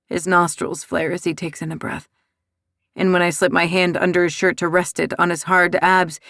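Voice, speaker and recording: A woman narrating a first-person romance audiobook in a soft, intimate, unhurried way. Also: lowish voice, gravelly, no room sound, clean studio sound.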